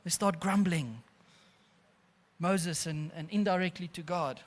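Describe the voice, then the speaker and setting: A pastor preaching an animated sermon, calling listeners friends and laughing often. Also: male voice, high voice, a little slow, long pauses.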